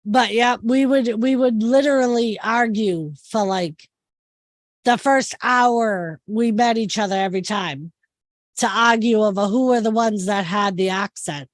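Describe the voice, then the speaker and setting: A woman's voice: a little high, unhurried, no room sound. A woman from Massachusetts with a Massachusetts accent, chatting casually and telling stories, full of "like". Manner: chatty storyteller, frequent "like". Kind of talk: casual chat.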